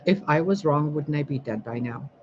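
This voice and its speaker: A woman's voice: low voice, normal speed, darkish tone, lo-fi sound, slight background noise. A woman livestreaming a blunt, sarcastic monologue, scolding her viewers and swearing freely. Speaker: spiritual livestreamer.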